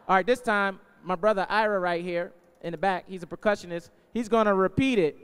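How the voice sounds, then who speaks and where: Energetic male musician leading audience chants; smooth voice, long hall reverb. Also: sits high, brisk. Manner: energetic, hyping up the crowd. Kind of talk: call and response with a crowd.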